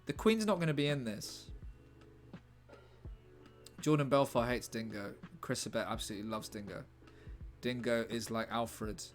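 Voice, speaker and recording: Man, casual live-stream chat, mid pitch, rambling, jokey, faint music behind. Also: normal speed, pauses often. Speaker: streamer writing a script. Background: faint background music.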